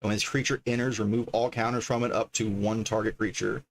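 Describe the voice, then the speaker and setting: A man's voice: on the low side, level tone, quick pace, gravelly, slight background noise. A man casually chatting on a livestream as he opens card packs, reading card names aloud and easily delighted by the art. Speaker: streamer opening card packs.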